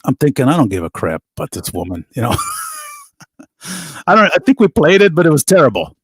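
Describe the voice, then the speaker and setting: A middle-aged band musician, a guest, telling animated stories in a casual interview, quoting people as he goes. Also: on the high side, normal speed, slightly rough, no room sound, studio quality. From United States. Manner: animated anecdotes with laughs and quoted voices.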